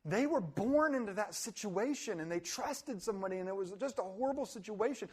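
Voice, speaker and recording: High-voiced man giving a motivational talk. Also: a little fast, slightly rough. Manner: animated, laughs often, acts out voices. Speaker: motivational speaker.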